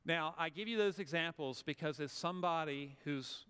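Speaking at a normal pace in a fairly high, smooth, fairly bright voice, this Southern US man delivers a funny, conversational motivational talk. He acts out small scenes for the crowd, and a long hall reverb surrounds the sound.

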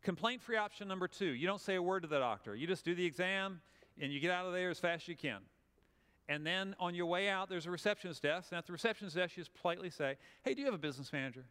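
A man's voice: sits high, quick pace, fairly bright tone, clean tone. A man with a Southern US accent giving a conversational, humorous motivational talk, acting out little scenes for the audience. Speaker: speaker. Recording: long hall reverb.

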